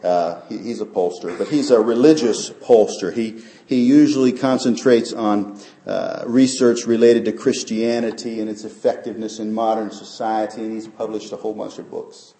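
A male pastor delivers an earnest sermon in a low, mellow voice. He builds his points up to emphatic peaks. The sound rings around an echoey church sanctuary. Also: fairly even intonation, normal speed.

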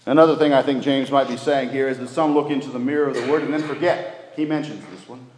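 A man preaching a sermon as pastor, moving between loud urgent pleading and hushed near-whispers. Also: mid-range voice, fairly even intonation, fast talker, reverberant, big-room sound, a little hiss or hum. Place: church sanctuary.

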